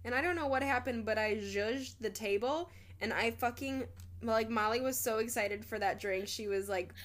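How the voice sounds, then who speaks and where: A woman's voice: fairly high pitch, moderate pace. A young woman co-hosting a podcast, telling college stories bluntly with a lot of swearing and laughter. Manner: blunt and profane, laughing as she talks. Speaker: podcast co-host. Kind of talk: casual storytelling chat.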